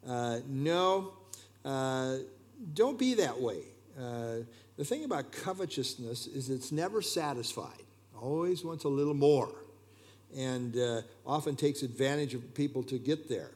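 A man's voice: mid-range voice, expressive, a little slow, darkish tone. A man preaching a sermon emphatically and repeating his key phrases.

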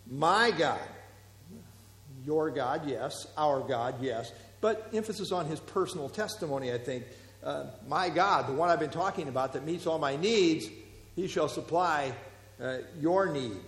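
Echoey man teaching a Bible class. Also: fairly high pitch. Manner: explains and quizzes the class, many fillers. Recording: roomy hall with long reverb.

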